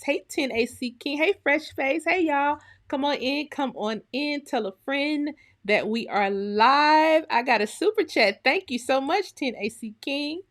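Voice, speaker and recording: Lively woman hosting a live stream. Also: sits high. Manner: lively, greets viewers by name, calls out "come on in". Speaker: livestream host and historian. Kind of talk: live stream chat, greeting viewers.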